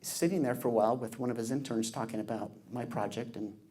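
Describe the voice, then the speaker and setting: A man giving a storytelling speech, lively and acting out the people he quotes. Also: mid-range voice, quick pace. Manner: animated, acts out quoted people. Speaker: public speaker.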